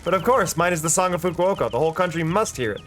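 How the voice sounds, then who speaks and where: A man's voice: high-pitched, lively intonation, fast, fairly bright tone, voice pushed up. A man voicing a pompous female bird mascot who sees herself as a star singer, speaking in a haughty, theatrical way. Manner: haughty, theatrical, putting on airs.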